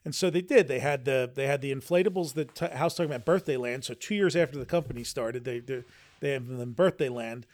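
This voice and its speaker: A man's voice: medium pitch, fast talker, a little mellow, no room sound. A man co-hosting a podcast in casual chat, rambling with frequent restarts. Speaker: podcast co-host.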